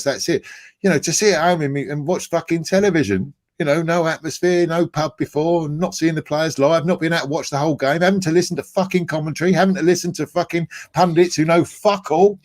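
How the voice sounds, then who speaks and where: An older man from England hosting a podcast, ranting bluntly and swearing in casual football chat. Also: fairly high pitch. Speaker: podcast host.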